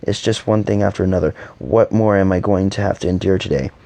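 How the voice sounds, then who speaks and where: A man reading a fantasy story aloud and voicing all the characters himself, in a halting delivery with frequent stumbles and restarts. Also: deep voice, creaky, mellow. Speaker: narrator voicing every character.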